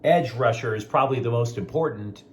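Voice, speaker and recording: A man's voice: medium pitch, a little fast, a little hiss or hum. A man hosting a sports talk show, giving outspoken, opinionated commentary straight to his viewers.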